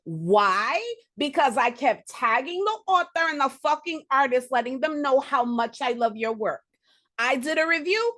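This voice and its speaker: Animated, profane woman telling stories. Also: high voice, normal speed. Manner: animated, profane, rambling with restarts and acted-out quotes. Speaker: comic book writer guest. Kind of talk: excited casual storytelling.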